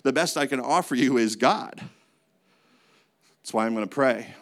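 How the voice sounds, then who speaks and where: A man's voice: mid-range voice, normal speed. A man preaching a sermon as a pastor, with a conversational manner, lots of rhetorical questions and playful asides.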